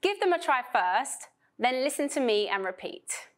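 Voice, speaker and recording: A woman from Vietnam giving a scripted pronunciation lesson for students, speaking slowly and clearly with careful emphasis. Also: high voice, sing-song. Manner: slow, clear, emphatic teaching delivery. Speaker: pronunciation teacher.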